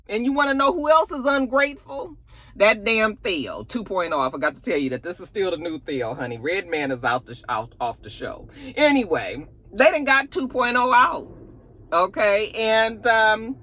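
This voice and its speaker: A woman's voice: mid-range voice, animated, moderate pace, a bit bright, no room sound. A woman giving a chatty, profane recap of a TV episode, acting out the characters' lines. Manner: chatty, profane, sassy storytelling. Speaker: TV episode reviewer.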